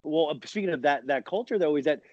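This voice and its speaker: A man guesting on a podcast, talking casually in halting bursts with many restarts. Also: on the high side, animated, dry recording, muffled recording.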